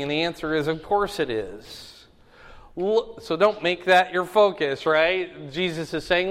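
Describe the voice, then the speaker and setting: Male pastor, unhurried sermon delivery with rhetorical questions, high-pitched voice, recorded in an echoing church hall. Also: fairly bright tone. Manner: reads scripture with rising emphasis, then explains casually; asks the audience rhetorical questions.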